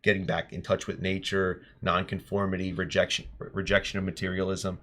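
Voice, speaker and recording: A man and teacher telling classroom stories in an earnest, animated podcast chat. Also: sits low, fairly quick. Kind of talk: casual storytelling chat.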